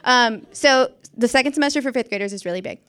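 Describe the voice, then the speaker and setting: A woman's voice: a little high, quick pace, fairly bright tone, clean tone. A young woman, a former schoolteacher, casually telling a story in a chatty, self-mocking way and acting out the voices of the people in it. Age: young adult. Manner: chatty, self-mocking, acts out quotes, laughs often.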